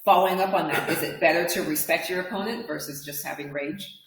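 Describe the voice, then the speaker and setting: A man's voice: fairly high pitch, fast talker, a bit bright, echoey room, distant mic, rough recording. A man interviewing a guest, asking short follow-up questions and reading out questions.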